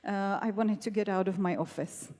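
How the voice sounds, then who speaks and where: A woman's voice: medium pitch, normal speed, a little mellow. A woman panelist, a doctor turned network marketer, telling her own story candidly on stage, laughing often and getting emotional. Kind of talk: personal testimony on a stage panel. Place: large hall at a business event. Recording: reverberant hall.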